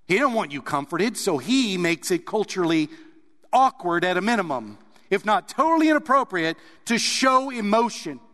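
Pastor guy preaching, earnest, kinda high voice, big echoey hall. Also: very animated, moderate pace. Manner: earnest, rising to emphatic stresses then dropping soft. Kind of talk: sermon.

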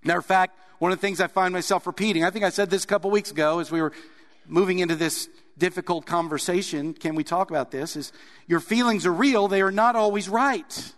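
A man preaching in an earnest voice that sits a little higher than most men's. He presses hard on key points and then eases down soft. The room around him rings with a long reverb. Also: brisk. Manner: earnest, rising to emphatic stresses then dropping soft. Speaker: pastor. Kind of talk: sermon.

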